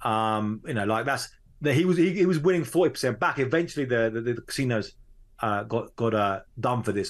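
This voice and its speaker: Appearing as a guest in a conversational interview, a male journalist recounts a story. His pitch is medium, and his pace alternates between rapid spurts and long, slow passages.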